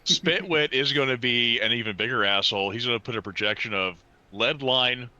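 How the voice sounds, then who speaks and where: A man's voice: medium pitch, brisk, pushed and bright, no echo, dull audio. A man playing a tabletop game, blunt and joking, with frequent swearing. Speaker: player.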